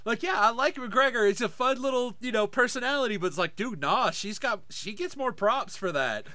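Animated high-voiced man ranting. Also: moderate pace, no room sound. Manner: crass, animated, profane ranting. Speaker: podcast co-host. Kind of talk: casual banter.

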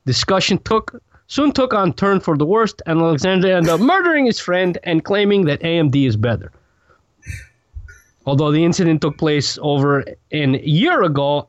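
A man's voice: high voice, normal speed, no room sound. A man voicing a gloomy Russian news reader in a put-on Russian accent, dropping his articles. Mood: deadpan. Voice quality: dropped articles, flat delivery. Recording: dull dry lo-fi audio.

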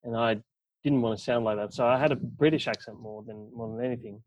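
On a casual podcast, a club representative from the Netherlands chats and rambles, filling his speech with fillers. He is a Dutch speaker with a partly Australian accent, and his mid-range, slightly mellow voice runs fast. The sound is lo-fi with a little hiss or hum.

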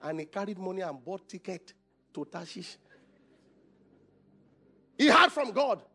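High-voiced Nigerian pastor preaching. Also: male voice, very animated, a little slow, husky. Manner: call-and-response, shouting questions. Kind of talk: sermon.

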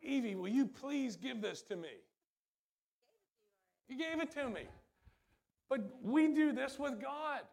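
A man's voice: extremely high pitch, animated, slow, creaky, pauses often, a little mellow. A man preaching a sermon in a conversational way that builds to emphatic calls. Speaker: pastor.

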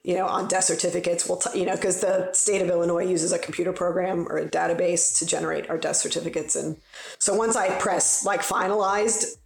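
A woman's voice: fairly low pitch, steady tone, a little fast, vocal fry. A woman in her forties who works as a funeral director, talking in a casual, rambling way with lots of fillers. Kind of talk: casual podcast conversation. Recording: roomy echo.

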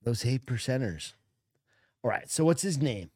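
A man co-hosting a casual podcast, talking crudely with lots of swearing and quick asides. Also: mid-range voice, animated, a little mellow, no room sound, studio quality. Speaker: podcast co-host.

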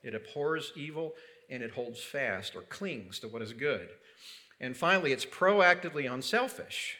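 A man's voice: medium pitch, lively intonation, normal speed, pushed and bright. A man preaching a sermon in a conversational way, asking rhetorical questions and adding light humor. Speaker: pastor.

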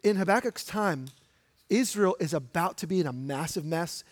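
A man's voice: sits high, lively intonation, moderate pace. A man, a pastor, preaching a sermon in an emphatic, direct way and putting questions to the congregation. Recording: long hall reverb.

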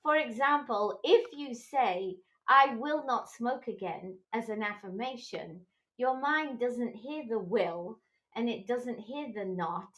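Woman, middle-aged, motivational podcast host, unhurried, earnest, encouraging, fairly high voice. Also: lively intonation, rough recording. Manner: slow, earnest and encouraging, with small restarts. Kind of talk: motivational talk.

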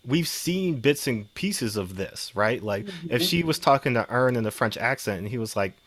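A man chatting casually as a podcast panelist, animated, acting out quotes in shifting voices, swearing freely. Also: mid-range voice, normal speed, dry recording. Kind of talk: casual chat.

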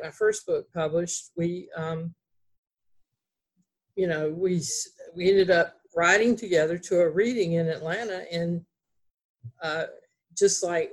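A woman author from North Carolina with a Southern accent, telling rambling stories in a casual chat, with many fillers and restarts. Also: fairly low pitch. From Greensboro, North Carolina.

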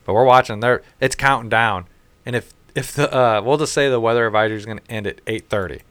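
A man's voice: mid-range voice, fast talker, clear, resonant tone, no room sound. A man telling stories in casual chat, swearing freely and acting out what others said. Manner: profane, animated storytelling with quoted voices. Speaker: storyteller in casual conversation.

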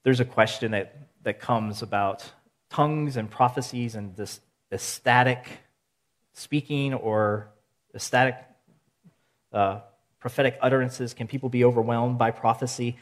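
A male pastor giving a measured sermon, teaching point by point and asking rhetorical questions. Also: medium pitch. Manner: steady, counts points aloud.

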